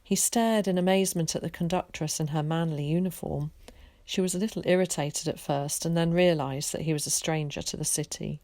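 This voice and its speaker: A teacher reading a children's story aloud in a calm, steady way. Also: female voice, low-pitched, brisk, dry recording.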